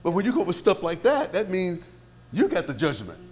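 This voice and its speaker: A man's voice: sits high, wildly swooping pitch, brisk, a little mellow. A man preaching a sermon as pastor, firing rhetorical questions at the congregation.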